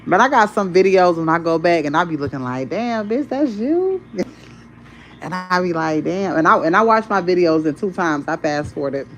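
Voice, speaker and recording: Animated woman telling a story, profane. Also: deep voice, rough recording. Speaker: spiritual content creator. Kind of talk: casual storytelling to viewers.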